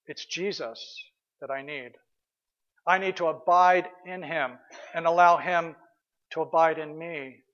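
A man's voice: high-pitched, a bit bright, in a large hall, lo-fi sound. A man pastor giving an earnest, conversational sermon with emphatic repeated phrases.

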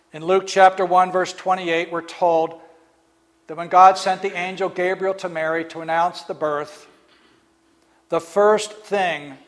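A man with a notably high voice delivers a sermon, retelling one story after another in a relaxed, chatty way. He slips into quick acted-out lines for the people in each story. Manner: storytelling, acts out speakers in the stories, fillers. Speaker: preacher.

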